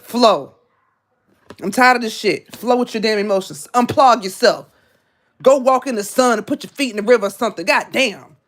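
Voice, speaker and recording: A woman delivers a live tarot reading as a scolding monologue. Her voice sits on the high side, and she is blunt and profane, hammering the same lines again and again. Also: normal speed. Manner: repetitive, confrontational. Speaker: tarot reader.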